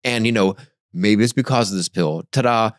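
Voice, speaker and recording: A man's voice: fairly low pitch, normal speed, no echo, studio quality. A man co-hosting a podcast, chiming in casually and filling in the details of a shared story. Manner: casual, interjecting, fills in details. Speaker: podcast co-host. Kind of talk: casual chat.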